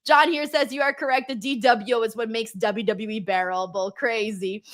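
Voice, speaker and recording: Woman streamer in her thirties, casual host, bright, forceful high voice, laughs and swears a lot. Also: fairly even intonation, moderate pace. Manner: laughs often, swears casually, reads comments aloud. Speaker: live stream host reading chat. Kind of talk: casual live stream chat.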